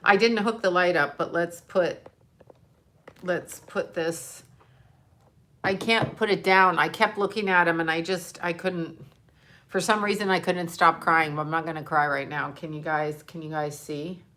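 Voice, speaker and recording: A woman's voice: on the low side, fairly even intonation, a little slow, a bit bright. An older woman, a grandmother, chatting casually and emotionally on a livestream, rambling and swearing now and then. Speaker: livestream host.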